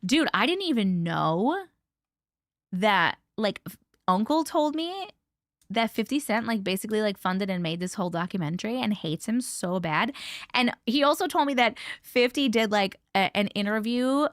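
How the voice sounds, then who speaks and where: A woman hosting a casual live stream. She chats to viewers in a bubbly, lively way, greets them by name, swears casually and laughs often. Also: mid-range voice, moderate pace, no room sound, clean studio sound. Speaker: livestream host.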